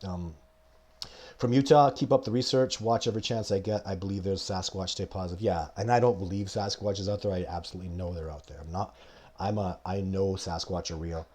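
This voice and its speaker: Deep-voiced and darkish in tone, the man in his forties keeps a fairly even intonation at a fairly quick clip while casually taking viewer questions on his live stream. He rambles emphatically, drifts into tangents, and coughs now and then.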